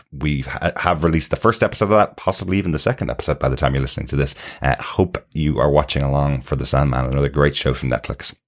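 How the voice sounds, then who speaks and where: A man hosting a TV podcast, chatting casually and reading through plugs and credits with lots of fillers. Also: rumbling low. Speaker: podcast host. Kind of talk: casual podcast chat and show intro.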